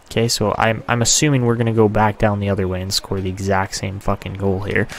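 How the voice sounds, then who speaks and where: A man's voice: lowish voice, monotone, fast talker, creaky, slight background noise. A young man giving casual, swear-filled commentary over a hockey video game, often frustrated. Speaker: gaming YouTuber.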